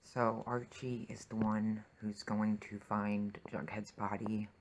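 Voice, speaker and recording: A man's voice: fairly low pitch, level tone, slow, background noise. Emotional, swearing man reacting to a TV episode. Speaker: TV reaction vlogger.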